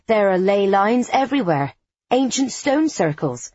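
A woman's voice: mid-range voice, very animated, measured pace, a little mellow, husky, dry recording, lo-fi sound. A woman narrating a first-person story in a wry, conspiratorial tone with dry understatement. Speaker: audiobook narrator.

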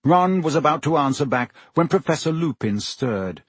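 A man narrating a novel as an audiobook in a steady, measured way. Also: on the high side, slightly rough, dry recording. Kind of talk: scripted narration.

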